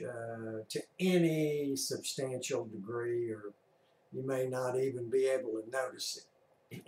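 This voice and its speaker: A man giving a casual demonstration about handheld radio antennas, folksy and unhurried, with frequent "uh" pauses, check-in questions, and throat clearing. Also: mid-range voice, a little mellow, reverberant. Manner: slow, folksy, many "uh" pauses and "all right?" check-ins.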